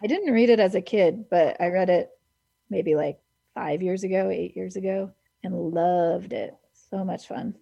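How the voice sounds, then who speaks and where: A woman's voice: lowish voice, a little slow, gravelly, lo-fi sound. A woman hosting a radio show, chatting casually and enthusiastically about books and laughing easily. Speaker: radio host. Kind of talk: casual book chat on radio.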